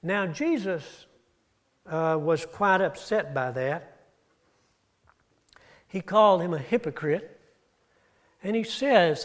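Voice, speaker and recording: Guy preaching, kinda higher voice, tells the bible stories with lots of ups and downs. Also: lively intonation, slow pace, long pauses. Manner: storytelling, rises and drops in pitch and loudness. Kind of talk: sermon. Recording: audio-only church recording.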